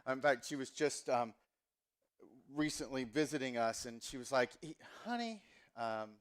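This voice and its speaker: A man's voice: medium pitch, fairly even intonation, normal speed, clean tone. A pastor in his forties from the Southern US, preaching a sermon in a casual, chatty, self-mocking way with plenty of ums. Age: 40s.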